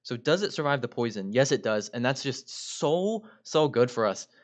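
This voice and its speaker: A man narrates his gameplay in an upbeat play-by-play style, calling out each move as he makes it and regularly speaking straight to his viewers. His voice sits at an ordinary middle pitch for a man. The recording sounds a little dull and lo-fi. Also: lively intonation, normal speed. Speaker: gaming video creator. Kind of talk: gameplay commentary.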